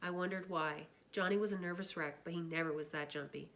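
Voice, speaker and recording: A woman reading a novel aloud in a steady, plain way. Her voice sits low for a woman. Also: brisk. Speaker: reader.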